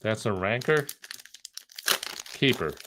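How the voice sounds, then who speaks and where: A man's voice: lowish voice, animated, slow, a bit bright. A middle-aged man from the United States hosting a casual live stream, joking, rambling and reading the chat aloud.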